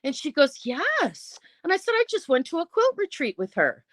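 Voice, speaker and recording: Her voice sits high and her pace is moderate in this dry recording. As host of her own channel, she live-streams a lengthy story from home indoors, animatedly giving voice to every bit of dialogue.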